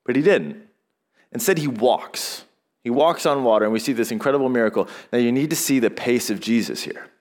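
A man's voice: medium pitch, brisk. Man preaching in a conversational way. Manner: conversational preaching with rhetorical questions and acted-out quotes. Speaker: pastor. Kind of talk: sermon.

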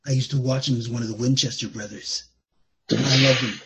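A man talking as a podcast guest in casual chat, rambling and animated, often laughing and restarting his sentences. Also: on the high side, normal speed, heavy background noise.

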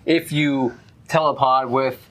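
A man's voice: medium pitch, fairly even intonation, slow pace, fairly bright tone. A man co-hosting a movie podcast, describing scenes with rambling enthusiasm. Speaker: podcast co-host. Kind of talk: casual chat.

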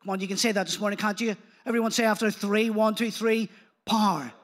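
A man preaching a sermon in church, animated and engaging the congregation, retelling scripture in casual speech. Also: high-pitched, fast talker. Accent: non-local accent.

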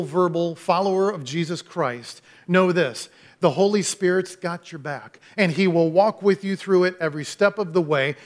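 A middle-aged man preaching a sermon as a pastor, telling animated, self-deprecating stories before a closing prayer. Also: high-pitched.

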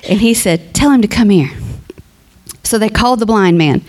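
A woman's voice: a little high, lively intonation, moderate pace, darkish tone. A woman speaking at a funeral, giving a heartfelt, conversational eulogy that moves into a sermon and turns to the family directly. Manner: reads scripture aloud.

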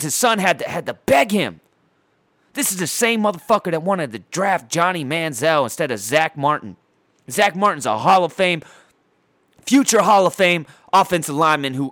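A man's voice: a little high, pushed and bright, no room sound, studio quality. A man at home by his TV, delivering a heated, profane and sarcastic rant about his sports team. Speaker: sports fan ranting on his channel.

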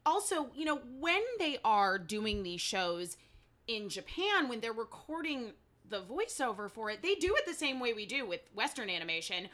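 Podcast host, woman, animated and quick-talking, bright tone. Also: on the high side. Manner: animated, quick, frequent laughter. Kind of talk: casual podcast chat.

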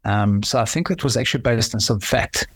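A man's voice: on the low side, a little fast, husky, no room sound, clean studio sound. A man chatting casually on a podcast, rambling and hesitant with frequent restarts.

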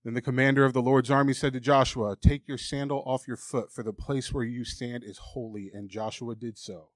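A man delivers a sermon with emphatic, candid conviction, sometimes slowing right down to stress a point. His voice sits at a middle pitch and sounds dry and close to the mic. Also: steady tone, no room sound. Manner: emphatic, candid, acts out mocking inner voices. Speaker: preacher.

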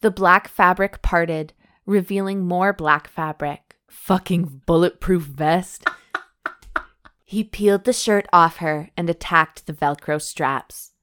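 Woman podcast co-host, lowish voice, reads steamy prose then jokes and giggles. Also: slow, fairly bright tone. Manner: wry, giggly, breaks into laughter. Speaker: podcast co-host reading a romance novel aloud. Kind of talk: dramatic reading mixed with casual chat.

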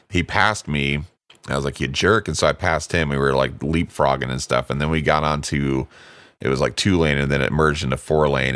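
Very deep-voiced man in his forties. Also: no room sound, clean studio sound. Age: 40s. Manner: animated storytelling, acts out voices in quotes. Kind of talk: casual chat.

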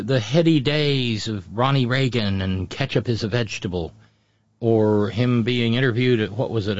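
A man's voice: medium pitch, a little mellow, no echo. Sarcastic talk show guy ranting, mocking tone, dry muffled audio. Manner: mocking, sneering, does mocking impressions. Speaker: political talk show host. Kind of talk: sarcastic political commentary.

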